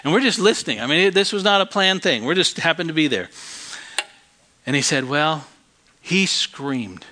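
Guy preaching, bright fairly high voice, tells stories, goes quiet then loud. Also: expressive, normal speed. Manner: storytelling, varies volume from hushed to loud. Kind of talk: sermon.

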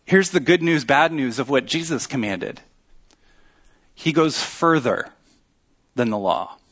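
A man preaching a sermon as pastor, earnest and teaching, with emphatic pauses. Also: medium pitch, lively intonation, fairly bright tone.

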